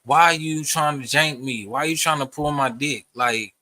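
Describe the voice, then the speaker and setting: A man's voice: a little high, moderate pace, pushed and bright, no echo. Heated, profane Texan man ranting. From Texas. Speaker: vlogger. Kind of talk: casual rant to camera.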